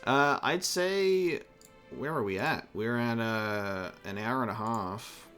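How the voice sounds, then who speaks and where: A man's voice: mid-range voice, slow, fairly bright tone, faint music behind. A man with an Australian accent chatting casually while streaming a co-op game, laid-back and rambling with fillers. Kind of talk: casual co-op gaming chat.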